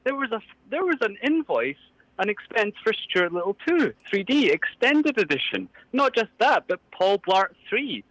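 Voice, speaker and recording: A man's voice: high voice, very animated, normal speed, fairly bright tone, dry recording, low-quality recording. A man with a Scottish accent from Scotland, calling in as a priest and complaining in an exasperated way. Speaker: caller posing as a priest. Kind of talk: comic call-in.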